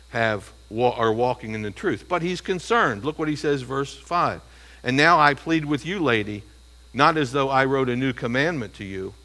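A man's voice: medium pitch, pushed and bright, poor audio. A man preaching a verse-by-verse sermon in a conversational way, often checking in with the congregation. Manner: conversational preaching, frequent "okay?" and "you see" checks. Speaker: pastor. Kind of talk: expository sermon.

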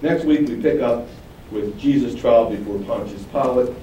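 A man preaching a sermon, animated, acting out quoted lines with sudden rises. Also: medium pitch, normal speed. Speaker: pastor. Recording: very echoey room, distant mic, faint noise.

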